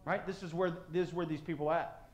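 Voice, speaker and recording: A man preaching a sermon as pastor, animated and acting out voices of crowds and of God. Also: fairly high pitch, fast talker, echoey room.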